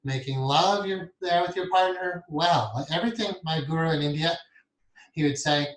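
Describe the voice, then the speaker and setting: Male meditation teacher, calm and soft, chuckles often, slightly high voice, roomy echo. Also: normal speed. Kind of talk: guided meditation lesson. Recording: echoey room.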